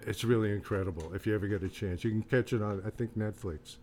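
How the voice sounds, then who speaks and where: A man's voice: on the low side, fast, darkish tone, slight background noise. A man, a guest musician, chatting casually in an easygoing, agreeable way. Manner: easygoing, agreeable, laughs often. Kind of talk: casual chat. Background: guitar playing.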